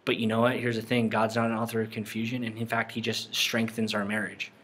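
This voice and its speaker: A man's voice: fairly low pitch, level tone, a little fast, a bit bright, slight background noise. A man giving casual, rambling Christian commentary on film clips, often repeating himself and acting out the people he talks about. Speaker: Christian documentary presenter.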